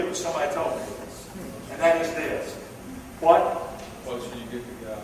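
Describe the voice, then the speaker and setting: Emphatic high-voiced preacher in echoey hall. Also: male voice, slight background noise. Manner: emphatic, calls to the congregation, swings loud and soft. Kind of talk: sermon. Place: church. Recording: echoey church hall from far off, faint ambience.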